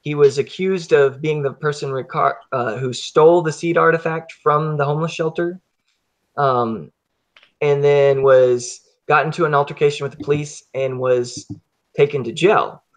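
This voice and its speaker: A man narrating as game master of a tabletop horror game, talking haltingly with fillers and restarts. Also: fairly high pitch, steady tone.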